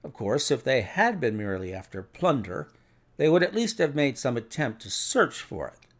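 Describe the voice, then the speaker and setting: A man's voice: mid-range voice, sing-song, moderate pace, fairly bright tone. A man voicing a confident detective who lays out his reasoning. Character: sharp, confident male detective.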